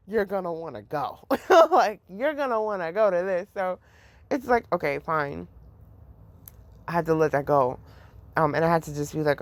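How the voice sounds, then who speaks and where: A woman's voice: medium pitch, moderate pace, dry recording. A woman hosting a podcast, talking in a rambling, profane way about faith. She laughs often and says "like" constantly. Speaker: podcast host. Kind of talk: casual spiritual reflection.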